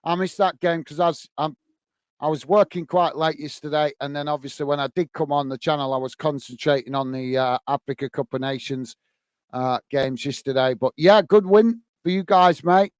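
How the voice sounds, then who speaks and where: With a voice on the high side and a clean tone at a moderate pace, this English watchalong host casually commentates a live football match. He chats with viewers, calling them mate and guys, in a dry recording.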